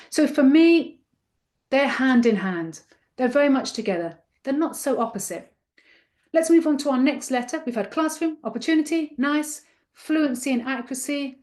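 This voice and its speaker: A woman presenting a live online training session for teachers. Her voice sits a little on the high side, and she keeps the talk friendly and conversational. She coaxes her listeners along and regularly asks them to join in. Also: a little mellow. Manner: encouraging, chatty and interactive.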